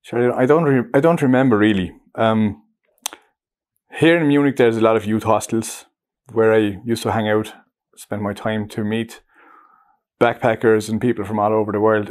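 A German-born man speaking English with a picked-up Irish lilt, somewhat low in pitch. He talks loosely and jokes at his own expense, pausing now and then to hunt for a word. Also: steady tone, darkish tone. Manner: chatty, self-mocking, searches for words. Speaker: interviewee, musician. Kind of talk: casual documentary interview.

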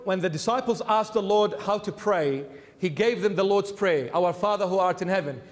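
A man, a bishop, preaching a sermon emphatically, repeating key phrases and dropping suddenly to a hush. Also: high voice, moderate pace, big-room sound.

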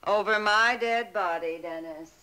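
A woman's voice: medium pitch, measured pace, pushed and bright, rough recording. An actress playing a prim, fussy middle-aged woman in a 1960s sitcom, theatrical and gushing. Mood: scheming.

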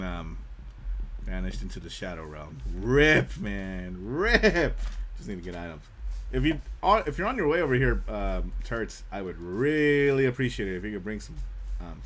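Laid-back young man streaming gameplay. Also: mid-range voice. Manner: laid-back, says "man" a lot, bursts into loud yelps. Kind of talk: casual live-stream gameplay chat.

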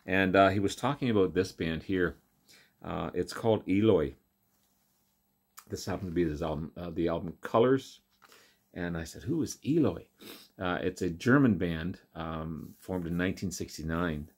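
A man casually showing and talking through records he picked up, relaxed and rambling with many ums and uhs. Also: deep voice, moderate pace. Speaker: vinyl collector vlogger. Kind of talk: casual record show-and-tell.

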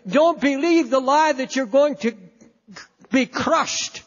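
High-voiced impassioned male preacher in a hall. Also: unhurried. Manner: impassioned, emphatic, repeats words. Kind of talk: sermon. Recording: echoey hall, dull lo-fi sound.

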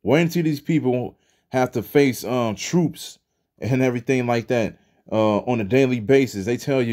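A man's voice: mid-range voice, normal speed, a little mellow. A man giving a loose, conversational religious talk, dropping "man" into nearly every sentence. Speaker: religious commentator. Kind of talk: casual preaching monologue.

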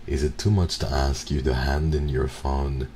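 A man streaming in a soft-spoken ASMR chat, teasing and playfully mock-offended with his viewers, close to the mic. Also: extremely low pitch, normal speed. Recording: steady background noise.

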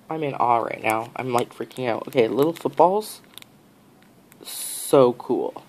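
A woman in a casual unboxing vlog, gushing and excitable, full of gasps and exclamations. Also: extremely low pitch, measured pace, low-quality recording. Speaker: nail art vlogger.

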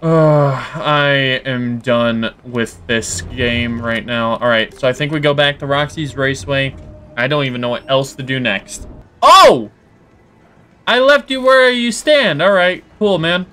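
A man hosting a horror game playthrough, talking casually and reacting loudly, yelping at scares and grumbling when frustrated. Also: medium pitch, measured pace, a little hiss or hum. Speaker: gaming video host. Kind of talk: let's play commentary.

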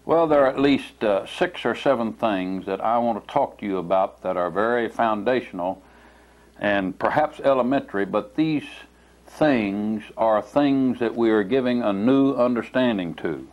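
Slow, deliberate low-voiced male preacher. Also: muffled recording. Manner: slow, deliberate, stresses single words. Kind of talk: sermon teaching.

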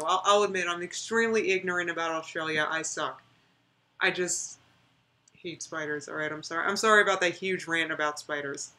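A woman's voice: mid-range voice, pushed and bright. A young woman chatting casually on her live stream, rambling and reading out viewer comments.

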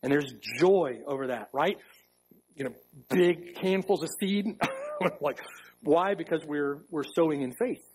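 A man preaching a sermon as pastor in a church, emphatic, repeating key phrases and slowing down to stress them. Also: fairly high pitch, darkish tone, a little hiss or hum, rough recording. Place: church sanctuary.

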